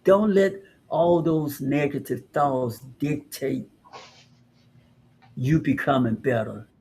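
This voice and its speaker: A man's voice: on the high side, slow pace, a little mellow, slightly rough. A man co-hosting a show, giving an earnest, preachy motivational talk with many restarts. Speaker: podcast co-host.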